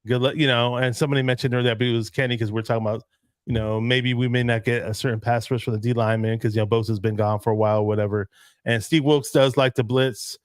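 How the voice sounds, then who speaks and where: A man's voice: mid-range voice, fairly even intonation, fast, no echo, clean studio sound. A man hosting a casual live sports chat, talking loosely, laughing often and reading out viewer comments. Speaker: host.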